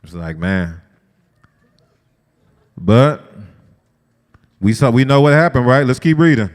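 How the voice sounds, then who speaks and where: A man teaching a lively, conversational sermon-style lesson and asking his group questions. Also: medium pitch, slow. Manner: lively, talks straight to the group, asks them questions. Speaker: Bible study teacher. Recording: long hall reverb.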